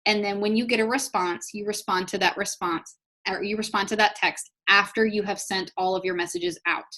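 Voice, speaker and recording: A woman's voice: medium pitch, fairly even intonation, moderate pace, pushed and bright. A woman leading a live online business training, chatty, upbeat and encouraging, talking straight to her audience. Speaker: network marketing trainer.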